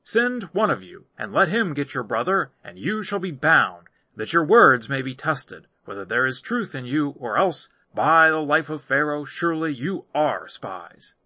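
A man reading aloud, voicing a stern male governor who forcefully commands his brothers in a scripture reading. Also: on the high side, very animated, measured pace, few pauses, husky, dry recording, full character voice.

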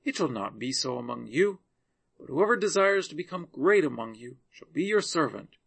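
A man voicing a compassionate male teacher in a scripture reading, speaking in a calm, earnest, measured way. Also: on the high side, vocal fry, slightly rough, heavily acted.

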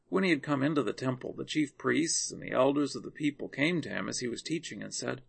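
Gravelly man reading scripture. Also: medium pitch, fairly quick, few pauses. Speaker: scripture reader.

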